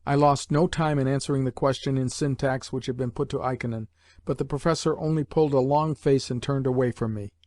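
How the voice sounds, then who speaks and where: A man narrating a classic novel as an audiobook reader, in a measured storytelling manner. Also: mid-range voice, fairly even intonation, a little mellow, no room sound. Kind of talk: scripted narration.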